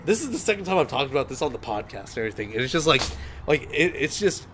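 A young man hosting a podcast and telling a story in loose, rambling chat. His voice sits at an ordinary middle pitch with a faint hiss underneath. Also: sing-song, fast. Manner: rambling storyteller, leans on "and everything". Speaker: podcast host. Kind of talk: casual chat.

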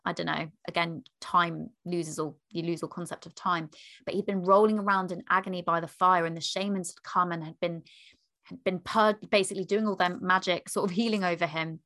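A woman author telling a candid personal story in an animated way, laughing and acting out what people said. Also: lowish voice, brisk.

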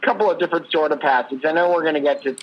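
A man's voice: a little high, very fast, low-quality recording. A man co-hosting a sports podcast in casual chat, joking dryly and hesitating with fillers. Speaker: podcast co-host.

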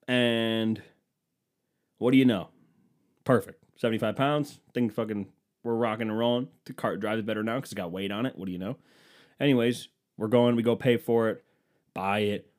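A man's voice: lowish voice, fairly even intonation, moderate pace, darkish tone. A man telling a comedic story in a casual, rambling way, sarcastic and full of swearing.

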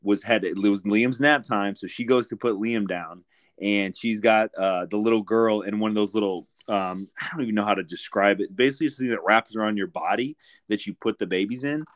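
A man's voice: on the low side, a little fast, no echo. A young man hosting a podcast in a laid-back casual chat, calling people "dude" and "brother" a lot. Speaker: podcast host.

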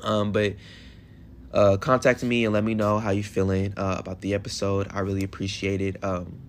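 A man in his twenties hosting a solo podcast in a hotel room, talking in an emotional, affirming way with animated bursts. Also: on the low side, moderate pace, a little hiss or hum. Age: 20s. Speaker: podcast host.

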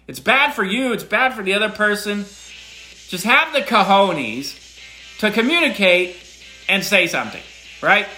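A middle-aged man talks in a loose, rambling voice message, with a swinging, lively pitch. His voice is bright and forceful, and he hammers on repeated words. Faint music plays underneath. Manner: animated and emphatic, with repeated words. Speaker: listener sending a voice message. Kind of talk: casual rambling monologue.

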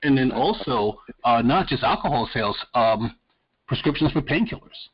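A man with a husky voice speaks earnestly in a casual podcast talk, repeating himself as he builds an argument. The recording sounds muffled and lo-fi. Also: medium pitch, animated, normal speed. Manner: earnest, stammering restarts when arguing a point. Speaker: podcast co-host. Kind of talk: casual chat. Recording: dull lo-fi sound.

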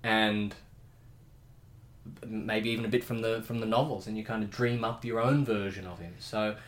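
A man's voice: fairly low pitch, steady tone, moderate pace. A man co-hosting a podcast in casual chat, telling stories in a theatrical, mock-dramatic way. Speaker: podcast co-host. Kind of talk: casual chat with comic storytelling.

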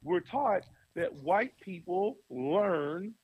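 A young adult man, a pastor, telling a personal story in a podcast interview with a lively, animated delivery and frequent laughs. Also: very slow, husky, no room sound, phone-quality sound. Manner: animated storyteller, swings pitch high for quoted voices, laughs often.

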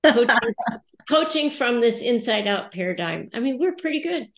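A woman's voice: fairly high pitch, sing-song, moderate pace, fairly bright tone, reverberant. A middle-aged American woman coaching and podcasting, speaking thoughtfully as she acts out her own inner dialogue. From United States. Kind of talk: reflective casual podcast talk.

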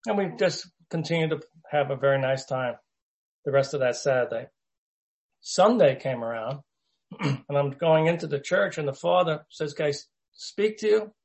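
Man, group leader, casual halting storyteller, slightly higher voice, lots of restarts. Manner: halting, with many fillers and restarts.

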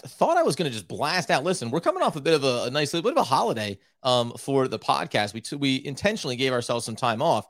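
A man's voice: mid-range voice, fairly bright tone, no echo, studio quality. A man co-hosting a casual sports podcast, bantering in a playful, mock-grandiose way. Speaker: podcast co-host.

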